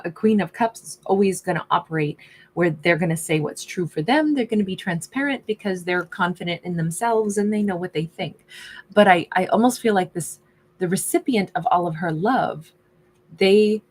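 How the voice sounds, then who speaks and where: Woman chatting through a tarot spread, low-ish husky voice, musing and chatty. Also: darkish tone. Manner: musing, chatty, voices the subject's inner thoughts. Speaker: tarot reader. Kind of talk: casual tarot reading monologue.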